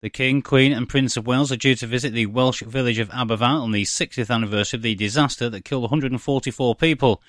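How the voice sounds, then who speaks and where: A man reading a scripted radio news bulletin in a measured, even delivery. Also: medium pitch, dry recording, clean studio sound. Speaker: newsreader. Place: studio. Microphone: studio microphone.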